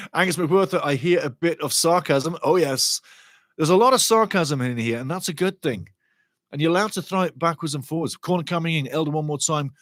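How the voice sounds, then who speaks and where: Excitable man commentating a live match. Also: a little high, no echo. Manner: excitable, partisan, reads chat comments aloud. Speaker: fan watch-along commentator.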